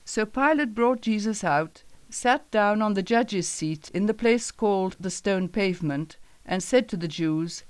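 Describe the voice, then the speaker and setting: A woman narrates a Bible story in a calm, measured way. Her voice sits at a middle pitch. The recording is dry and close, with no room sound. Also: clear, resonant tone, no room sound.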